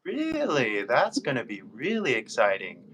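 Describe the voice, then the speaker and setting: A man with a Californian American accent, chatting casually on a live stream as an English tutor, patient and full of fillers, repeating questions slowly. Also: mid-range voice, wildly swooping pitch, fairly bright tone, a little hiss or hum, poor audio. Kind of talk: live-stream conversation practice.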